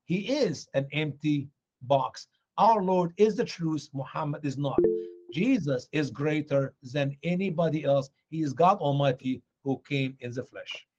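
A man's voice: a little slow, muffled recording. A man teaching from the Bible with great energy, acting out the people in the story in raised voices. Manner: excitable, acts out dialogue in high voices. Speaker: guest preacher. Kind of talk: animated evangelistic teaching.

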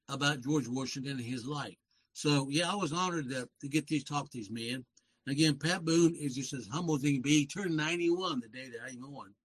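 A man's voice: mid-range voice, fairly bright tone, poor audio. Older man, seventies, Southern accent, rambling folksy talk, radio pastor guest. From West Virginia. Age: 70s. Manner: rambling, self-correcting, folksy. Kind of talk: casual talk show conversation.

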